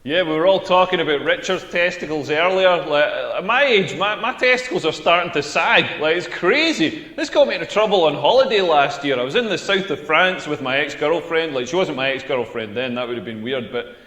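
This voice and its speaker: With a fairly high, fairly bright voice, a young Scottish man delivers an animated, fairly quick comedy routine in the role of a crude comedian who rambles through stories and bombs. The hall's comedy stage gives the recording an echo.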